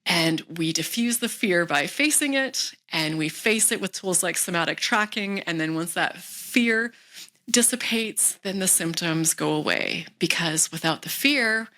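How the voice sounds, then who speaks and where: Gentle, reassuring woman coach. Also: on the low side, a little slow. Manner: calm, gentle, reassuring, drops into soft whispers. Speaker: wellness coach. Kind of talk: instructional talk to camera.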